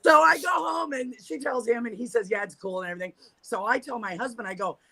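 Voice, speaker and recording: Bright-voiced woman guest, candid and laughing. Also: on the high side, fast, gravelly. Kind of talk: casual chat.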